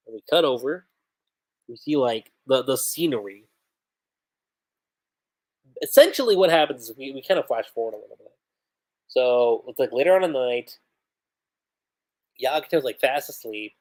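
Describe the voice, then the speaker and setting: A man casually reviewing a comic chapter on a livestream, animated and chatty, with many fillers. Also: mid-range voice, normal speed, long pauses.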